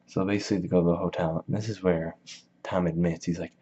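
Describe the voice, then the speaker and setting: A man's voice: sits low, fairly even intonation, fast, warm tone, breathy edge. A man giving a casual book summary in a slangy, rambling, jokey way, in a dull lo-fi recording. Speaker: video host.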